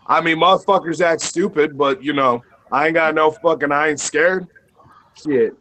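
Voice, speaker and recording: Guy from sonora mexico trash talking on a podcast, keeps repeating jabs, cusses a lot, voice a bit high. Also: moderate pace, bright, forceful tone. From northern Mexico, Sonora area. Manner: taunting, repeats jabs, heavy cursing. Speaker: podcast guest. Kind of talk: heated argument.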